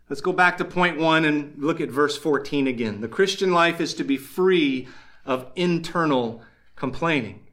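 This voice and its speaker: A pastor delivers an earnest sermon, slowing down to stress key phrases. His voice is fairly high-pitched and a bit bright.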